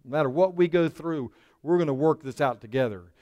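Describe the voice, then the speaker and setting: A middle-aged male pastor preaching a sermon, calling out to his congregation and swinging between loud emphasis and quiet asides. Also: fairly high pitch, brisk, long reverb tail.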